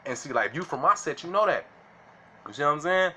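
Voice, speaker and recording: Casual vlogger, man, slangy and bright, faint noise behind. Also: fairly high pitch, big pitch swings, brisk. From Illinois. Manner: slangy, keeps asking "you know what I'm saying". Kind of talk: casual monologue to camera.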